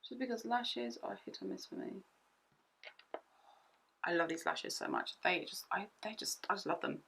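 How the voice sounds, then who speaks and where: Bright-voiced chatty woman vlogger. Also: mid-range voice, moderate pace, creaky, a little hiss or hum. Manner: excitable, rambling, repeats herself. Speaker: beauty vlogger. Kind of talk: chatty makeup tutorial.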